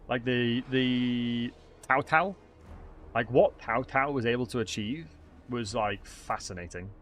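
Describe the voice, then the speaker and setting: A man's voice: medium pitch, unhurried, fairly bright tone, faint music behind. Chatty man streaming a game. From England. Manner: rambling, chatty, many fillers and restarts, reacting to chat. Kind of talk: casual gameplay commentary.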